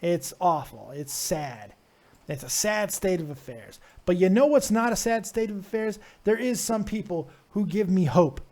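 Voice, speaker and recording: A man's voice: high voice, lively intonation, normal speed, darkish tone. A man hosting a live call-in show, loose and joking, swearing freely as he chats with callers. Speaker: host.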